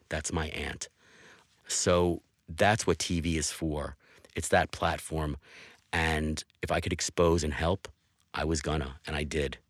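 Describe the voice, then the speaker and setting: A man's voice: extremely low pitch, no room sound, studio quality. A man in his fifties, a TV news producer, telling personal stories earnestly in a podcast interview. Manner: earnest, emphatic storytelling.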